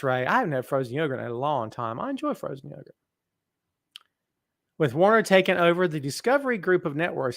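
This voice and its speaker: A man hosting a wrestling talk stream, reading viewer comments aloud and talking to his audience with animated, self-mocking chatter. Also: fairly high pitch, dry recording, clean studio sound. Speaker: host.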